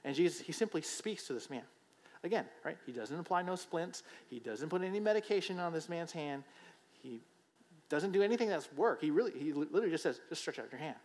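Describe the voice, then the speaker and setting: A man's voice: fairly high pitch, animated, fairly quick, a little mellow. Conversational man preaching in an echoing hall. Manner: conversational, emphatic, repeats "right?". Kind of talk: sermon. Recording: long hall reverb.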